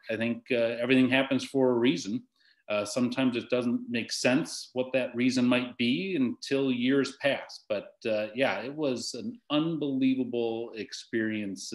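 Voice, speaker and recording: A middle-aged man speaks as an interview guest in a mid-pitched voice. He talks haltingly, often restarting his sentences, and the room around him is noticeably echoey. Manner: halting, with frequent restarts and pauses. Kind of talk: conversational interview.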